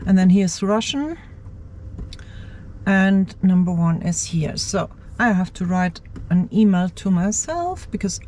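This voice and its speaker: A woman's voice: mid-range voice, slow, a little mellow, slight background noise. A woman vlogger in her car's driver's seat, thinking aloud as she works. She mutters to herself, hesitates and repeats words. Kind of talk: thinking aloud while working on a computer.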